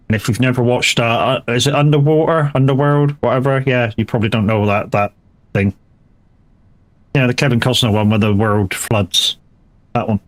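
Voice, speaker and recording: A man's voice: medium pitch, fairly quick. A male live streamer chatting loosely while he plays, with a mid-range voice. He rambles from one thing to the next, drops casual swear words and restarts his sentences often.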